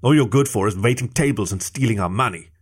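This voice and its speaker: A man's voice: fairly low pitch, quick pace, husky. A man voicing a smug, taunting young bear who bullies a boy.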